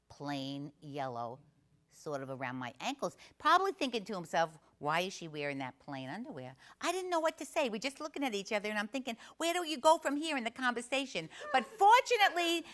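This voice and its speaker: A woman's voice: medium pitch, a bit bright. A woman playing a gabby Jersey aunt. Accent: northern New Jersey. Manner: chatty, confiding, asks the audience questions. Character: brash chatty Italian-American aunt from northern Jersey. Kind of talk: comic storytelling monologue.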